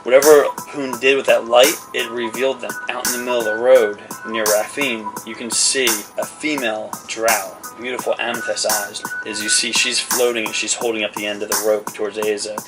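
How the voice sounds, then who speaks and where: A man's voice: lowish voice, flat delivery, fairly quick, hardly any pauses, poor audio. A man narrating a tabletop game as game master, rambling with lots of fillers as he describes the action. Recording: loud background music.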